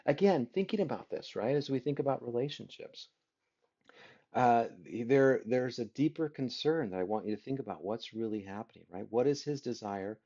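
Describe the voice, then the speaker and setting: A man's voice: medium pitch, lively intonation, moderate pace, mellow. Man lecturing on literature, dull lo-fi sound. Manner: keeps asking the listeners rhetorical "right?" questions. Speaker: literature teacher. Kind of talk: recorded class lecture. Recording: dull lo-fi recording.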